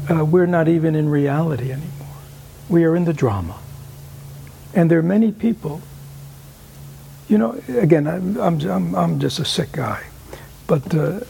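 A man giving a meditation talk and answering questions, halting with many fillers and asking "right?" often, sometimes dropping to a whisper. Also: on the high side, gravelly, mellow, a little hiss or hum. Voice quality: often drops to an unvoiced whisper. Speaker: meditation teacher.

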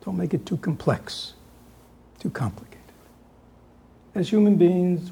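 A man giving a dharma talk to an audience, pausing often on fillers and checking in with rhetorical questions. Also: high voice, vocal fry, dark tone, slightly rough. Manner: halting, with many filler pauses. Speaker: dharma teacher.

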